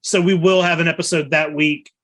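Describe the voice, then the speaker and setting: A man's voice: fairly high pitch, a little fast. A man hosting a podcast in casual, friendly chat, making announcements and talking about collecting. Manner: friendly, relaxed, announces plans. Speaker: podcast host.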